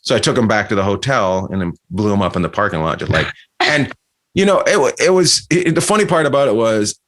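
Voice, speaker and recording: Low-voiced Canadian-born comedian telling stories. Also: male voice, brisk. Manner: animated anecdotes with frequent laughs and restarts. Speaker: comedian guest. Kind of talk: casual storytelling chat.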